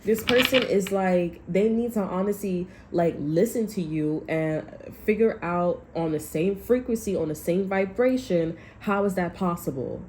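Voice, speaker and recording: A woman's voice: mid-range voice, a little slow, hardly any pauses, darkish tone, slight background noise. A woman giving a casual tarot reading, talking in a blunt, profane, rambling way. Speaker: tarot reader.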